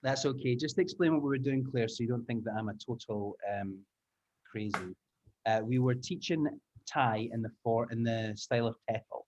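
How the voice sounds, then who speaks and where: A man's voice: mid-range voice, normal speed, a little mellow. A man leading an online language-teaching taster class, upbeat and encouraging, explaining sounds step by step. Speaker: English teaching trainer. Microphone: video call. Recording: muffled video-call audio.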